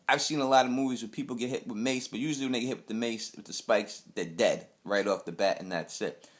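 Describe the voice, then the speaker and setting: A man's voice: on the low side, a bit bright. A young man from Queens, giving a casual, rambling TV episode recap full of blunt street slang. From Queens, New York. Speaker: TV recap host.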